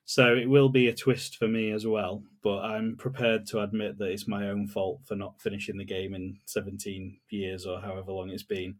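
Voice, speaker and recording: A man's voice: on the low side, flat delivery, normal speed, few pauses. A man co-hosting a casual gaming podcast, talking in an easygoing, self-deprecating way. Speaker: podcast co-host.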